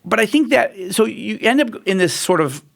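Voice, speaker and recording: A man's voice: high voice, sing-song, normal speed, creaky, fairly bright tone. A man speaking as a guest in an interview, telling stories animatedly and acting out quoted voices. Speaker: guest author.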